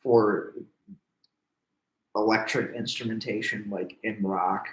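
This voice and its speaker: Low-voiced young man, hesitant, echoey. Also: steady tone, slow. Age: young adult. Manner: hesitant, searching for words. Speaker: interview guest, musician. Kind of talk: casual conversation. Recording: roomy echo.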